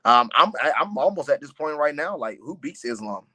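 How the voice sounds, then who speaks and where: Animated young man telling fight stories. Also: on the high side, fairly quick. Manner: animated storyteller, many fillers like "man" and "you know". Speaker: fighter and podcast guest. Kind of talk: casual podcast chat.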